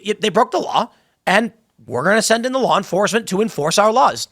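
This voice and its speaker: A man's voice: sits high, lively intonation, fairly quick, a bit bright, no room sound, clean studio sound. A man giving opinionated political commentary, emphatic, often stumbling over and repeating words.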